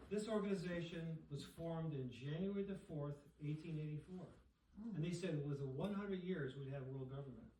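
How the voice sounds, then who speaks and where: A man's voice: on the high side, warm tone, a little hiss or hum. A man casually presenting books to a dinner group, often checking in with "okay?" and "right?". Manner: chatty, keeps asking "okay?" and "right?". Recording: echoey room, voice from far off.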